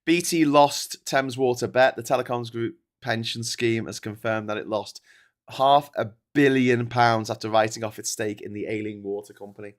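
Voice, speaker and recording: A man's voice: fairly low pitch, steady tone, moderate pace. A man hosting a casual live-stream, rambling through news and viewer comments, swearing and laughing often. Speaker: host.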